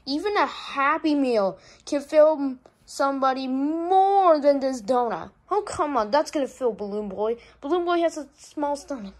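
A woman's voice: sits high, expressive, normal speed, few pauses. A woman performing a comedic plush puppet skit, talking in an exasperated, rambling, complaining way.

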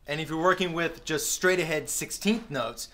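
A man with a slightly raised voice teaches drum patterns in a friendly, easygoing way. He fills the gaps with small "uh"s and sings the drum beats out loud. He is recorded on a camera mic in a practice room with a drum kit. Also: a little high, moderate pace, over music. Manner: relaxed, friendly explaining with fillers and sung drum sounds. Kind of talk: casual instructional talk. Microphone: camera-mounted recorder.

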